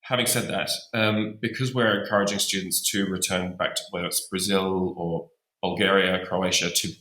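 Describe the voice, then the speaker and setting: A man, a musical theatre educator speaking in a measured way with many ums. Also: deep voice, flat delivery, bright, forceful tone. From Australia. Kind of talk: casual interview talk. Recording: roomy echo.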